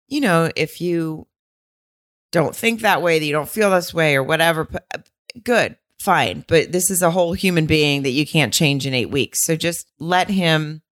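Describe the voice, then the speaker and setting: A woman's voice: low voice, fairly bright tone. A young woman co-hosting a podcast, chatting casually and frankly, swearing and acting out people's lines. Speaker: podcast co-host.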